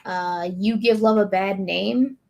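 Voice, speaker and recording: A woman streamer reading lyrics aloud in a deadpan way and chatting with her audience. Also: medium pitch, vocal fry. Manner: slow, deadpan lyric reading with bursts of laughter.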